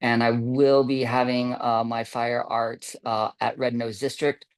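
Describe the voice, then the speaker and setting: A man's voice: mid-range voice, flat delivery, unhurried, smooth. Rambling man telling a story. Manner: rambling, many fillers and restarts, quoting others. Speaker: camp volunteer telling a story. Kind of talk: casual storytelling. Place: online video call.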